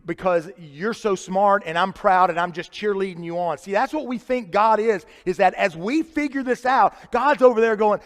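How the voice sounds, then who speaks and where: Male preacher, Midwestern American accent, fairly high voice, echoing church hall, conversational sermon. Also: moderate pace. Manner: conversational, swings from loud emphatic to quiet and low. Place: church sanctuary. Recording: live church sanctuary with long reverb.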